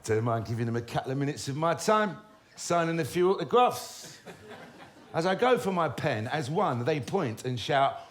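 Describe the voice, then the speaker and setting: A man's voice: fairly high pitch, very animated, a little slow, pauses often, a crowd in the background. A middle-aged man telling a comic story in a wry, cheeky, conversational manner. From London.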